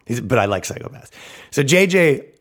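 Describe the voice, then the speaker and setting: A man's voice: mid-range voice, big pitch swings, moderate pace. A man hosting a comedy podcast, ranting in a brash, mocking and profane way. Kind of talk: crude ranting podcast talk.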